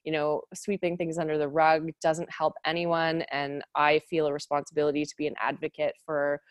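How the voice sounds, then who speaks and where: A woman's voice: sits low, flat delivery, moderate pace, smooth, dry recording, studio quality. A woman in her thirties hosting a conversational interview, earnest and reflective, laughing easily. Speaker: podcast host.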